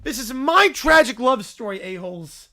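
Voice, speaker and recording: Male streamer putting on a crude, demanding storybook bear: high-pitched, gravelly, bratty and loud. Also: animated, moderate pace, full character voice. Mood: bratty shouting. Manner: whiny, shouty, crude. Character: bratty whiny little brown bear, demanding princess.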